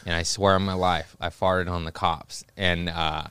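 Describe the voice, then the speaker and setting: A man's voice: deep voice, flat delivery, moderate pace, a bit bright, clean tone, no echo. A young man telling a rambling, profane story in casual podcast chat, acting out the voices of people in it. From Los Angeles area. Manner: rambling, profane, acts out voices in his stories. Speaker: stand-up comic guest.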